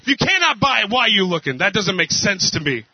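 A male pastor preaching a casual sermon, telling jokes and stories with a relaxed, conversational manner. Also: high voice, quick pace, husky, dry recording. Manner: casual, joking storyteller. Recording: dull dry lo-fi.

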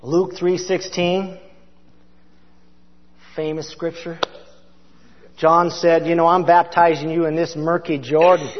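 A man preaching a sermon with passion, his delivery swinging from loud outbursts to hushed, quiet lines. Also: on the high side, level tone, slow pace, long pauses. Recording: dull, reverberant hall sound.

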